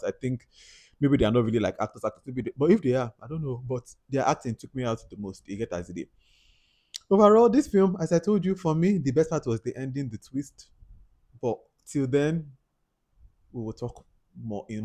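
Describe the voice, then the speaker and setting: Nigerian guy for a chatty movie-review vlog, quick talker, lively pitch. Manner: animated, chatty, laughs often. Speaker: film reviewer. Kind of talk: casual film review.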